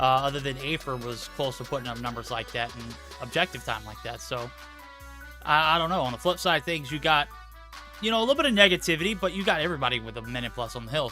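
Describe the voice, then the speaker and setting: A man casting esports, animated and joking, with big swings in loudness. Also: mid-range voice. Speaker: esports caster. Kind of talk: esports commentary. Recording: music playing behind the voice.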